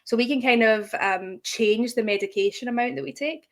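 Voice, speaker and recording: A young woman from the United Kingdom appears as a guest creator in a casual interview. Her voice is on the high side and her speed normal, and she is friendly, laughing often while she explains things.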